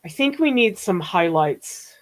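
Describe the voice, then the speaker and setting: A middle-aged art teacher from the Boston area chats casually and laughs often while painting in a live demo, musing aloud as she works. Her mid-range voice has lively intonation and a slightly slow pace, though the audio is poor.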